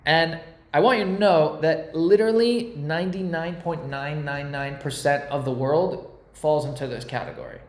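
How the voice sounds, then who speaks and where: A man with a somewhat high voice gives a relaxed, slang-filled Torah lesson, leaning on everyday comparisons to make his point. He sounds like he's in an echoey room. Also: normal speed. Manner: animated, slangy, uses pop-culture comparisons. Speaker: Torah teacher. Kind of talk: casual Torah class.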